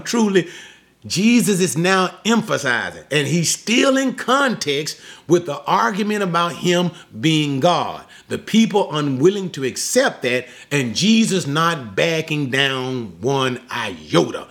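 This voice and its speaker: A man's voice: fairly high pitch, very animated, measured pace, a bit bright. A man preaching an expository sermon, emphatic, repeating phrases for stress and asking the congregation rhetorical questions.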